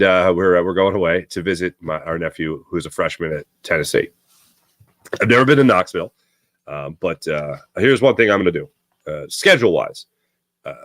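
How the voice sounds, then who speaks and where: Chatty Philly sports host, bright edge. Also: male voice, fairly low pitch, dry recording. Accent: Philadelphia. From Philadelphia area. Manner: rambling, conversational, frequent fillers and restarts. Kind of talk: casual sports talk monologue.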